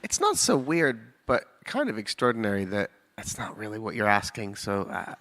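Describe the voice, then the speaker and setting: A man on a convention panel, animated and casually swearing while recounting stories. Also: fairly low pitch, normal speed, in a large hall, background noise. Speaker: actor on a panel.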